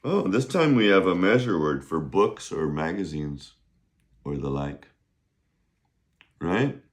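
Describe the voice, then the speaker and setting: Man, low voice, lively ups and downs, playful classroom teacher, hums tunes between drills. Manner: slow, drawn-out pronunciation drills. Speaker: Chinese teacher.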